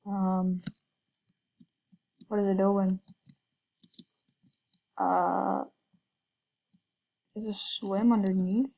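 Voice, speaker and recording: A woman's voice: mid-range voice, level tone, very slow, vocal fry, pauses often, warm tone, rough recording. A woman giving hesitant, casual commentary while playing a video game, full of fillers and whispered asides. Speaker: gaming video creator.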